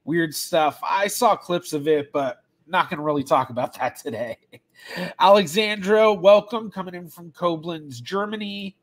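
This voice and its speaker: A man's voice: high-pitched, a little slow. A man hosting a casual live stream as a genealogist, chatty, laughing easily as he greets viewers by name, and bothered by allergies. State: allergies, sneezy.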